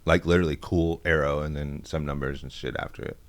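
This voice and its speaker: Speaking fast in a steady bass voice, a man from Texas rambles through profane stories about school as a podcast guest in relaxed conversation. He acts out quotes along the way, recorded in a podcast studio.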